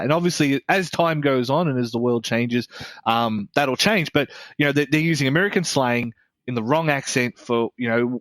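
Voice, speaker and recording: An Australian man with an ordinary, mid-pitched voice rambles through a casual podcast chat, cursing freely and restarting his sentences. The recording is dry and close, with no room sound around him. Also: fairly bright tone, no room sound. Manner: blunt, swearing, fast rambling with many restarts. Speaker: podcast co-host.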